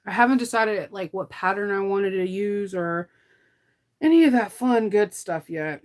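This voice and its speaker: A woman's voice: medium pitch, expressive, moderate pace, darkish tone. Chatty laughing woman, tired. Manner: chatty, laughs often, trails off mid-sentence. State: tired, recovering from illness. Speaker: sewing vlogger. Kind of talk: casual chat while sewing.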